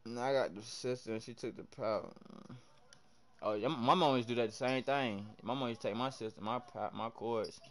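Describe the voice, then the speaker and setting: A young man streaming live, excitably commenting on his game, shouting at teammates and chatting with viewers in heavy slang. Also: mid-range voice, normal speed. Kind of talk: live gameplay commentary and chat reading.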